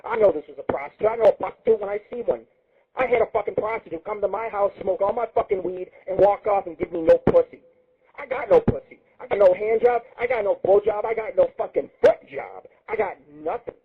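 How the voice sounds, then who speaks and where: A man hosting an internet radio show, telling crude rambling stories in a profane, excitable monologue. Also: high-pitched, a little fast. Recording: husky lo-fi phone-line sound.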